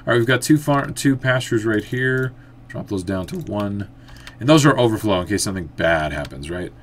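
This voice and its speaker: A man's voice: on the low side, moderate pace, a little hiss or hum. Chatty man narrating his gameplay. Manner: chatty, thinks aloud, excitable outbursts. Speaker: gameplay commentator. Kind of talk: let's play commentary.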